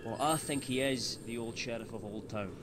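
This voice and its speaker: An actor voicing a cocky Scottish bounty hunter in a video game, with a smug, taunting manner. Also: male voice, medium pitch, moderate pace, close to an everyday voice. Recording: game audio with background noise.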